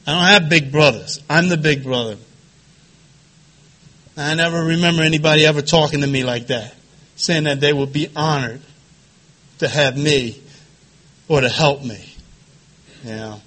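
A middle-aged man from the Philadelphia area with a quivering voice, giving emotional personal testimony at a support group meeting, halting and repeating phrases. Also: a little high, bright, forceful tone. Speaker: recovery meeting speaker.

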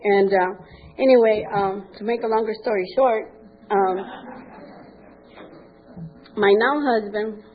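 Older woman, candid testimony at a meeting, vivid quoted dialogue, tinny lo-fi line, faint hiss. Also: fairly high pitch. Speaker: speaker sharing at a recovery meeting. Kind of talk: personal testimony. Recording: tinny phone-like recording with faint noise.

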